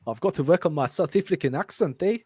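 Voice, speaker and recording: A man's voice: a little high, animated, fast, darkish tone, slightly rough. A man hosting a casual live chat, reading an article aloud, laughing often and stumbling as he tries a put-on accent. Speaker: podcast host.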